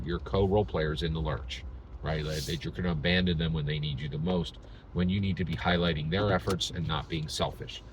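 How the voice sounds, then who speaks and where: A man's voice: low-pitched, noisy background. A man hosting his own vlog, talking in an emphatic, sarcastic commentary style full of rhetorical "right?"s. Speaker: channel host.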